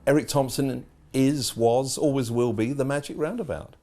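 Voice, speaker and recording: A man's voice: medium pitch, moderate pace, warm tone, faint music behind. A man giving a documentary interview in an emphatic manner.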